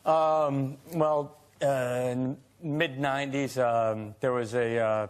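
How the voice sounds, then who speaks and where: A man's voice: mid-range voice, steady tone, takes it slowly, clean tone. A man who is a talk show guest, explaining a film's story in a hesitant way, with many fillers. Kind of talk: explaining a film plot. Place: TV studio.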